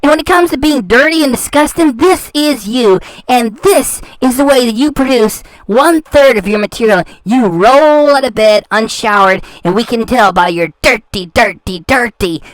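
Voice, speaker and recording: A woman's voice: on the high side, no room sound. A woman hosting a reaction channel, ranting in a sarcastic, taunting way and repeating words for scorn. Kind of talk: ranting commentary.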